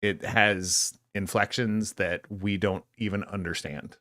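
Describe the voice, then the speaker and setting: A man's voice: lowish voice, fairly even intonation, takes it slowly, fairly bright tone. A middle-aged man from California co-hosting a casual live podcast, rambling and debating with mock voices. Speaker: podcast co-host.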